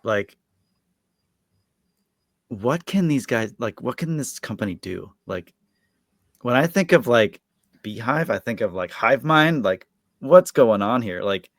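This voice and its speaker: A man's voice: mid-range voice, expressive, unhurried, pauses often, no echo, clean studio sound. A man co-hosting a podcast, recapping an episode in a rambling, casual way full of filler words. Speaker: podcast co-host.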